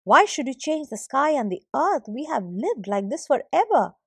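A woman puts on Mother Earth, a gentle mother from a storybook myth. She questions her son softly and in wonder, and her voice lifts high and drops low. The sound is dry and close. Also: sing-song, normal speed, no echo, full character voice. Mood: bewildered. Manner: soft, bewildered questioning.

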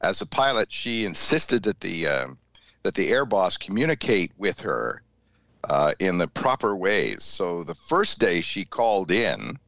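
Low voiced guy co-hosting, chatty, laughs a lot, dry close sound. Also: big pitch swings, a little slow, creaky, a bit bright, dry recording. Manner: storytelling, laughs often. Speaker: show co-host. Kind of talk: casual chat.

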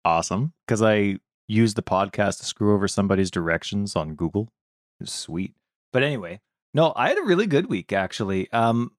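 A man's voice: on the low side, dry recording. A man co-hosting a casual podcast, goofy and teasing, close to the mic. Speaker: podcast co-host.

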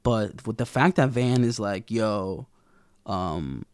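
A man's voice: mid-range voice, normal speed, darkish tone, dry recording, clean studio sound. A young man recapping a TV episode in a rambling, casual way, full of slang and swearing. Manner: rambling, profane slang, lots of fillers. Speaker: TV recap vlogger.

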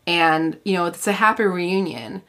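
A woman's voice: on the low side, moderate pace, a bit bright. A woman co-hosting a podcast, chatting casually about a book with frequent laughs and fillers. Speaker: podcast co-host.

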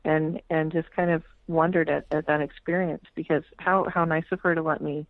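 A woman's voice: sits low, little pitch movement, normal speed, no room sound. A woman tarot reader telling stories as a radio guest, frank and swearing freely, acting out the voices she quotes. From United States. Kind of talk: casual storytelling interview. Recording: tinny phone-like radio line.

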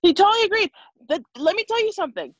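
A woman's voice: very high voice, expressive, fast talker, no echo, dull audio. A woman guest telling a personal story in conversation, earnest and emotional, with many asides and restarts. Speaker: interview guest, mother of five.

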